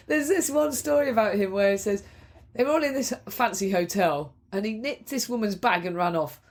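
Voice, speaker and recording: A woman co-hosting a podcast, telling stories in an animated, chatty way. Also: mid-range voice, normal speed. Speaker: podcast co-host. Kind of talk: casual book discussion.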